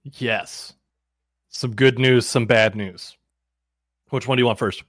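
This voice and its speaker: A man's voice: mid-range voice, steady tone, takes it slowly, a bit bright, dry recording, studio quality. Playful man bantering in a tabletop game. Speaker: player. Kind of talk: in-character tabletop role-play.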